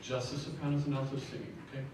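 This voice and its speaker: A man leading a choir rehearsal, giving brisk feedback on phrasing and breathing, counting the singers in and singing short sample phrases. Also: mid-range voice, flat delivery. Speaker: choir clinician. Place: large echoey rehearsal hall. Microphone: room recording from a distance. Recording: echoey hall from far off, faint noise.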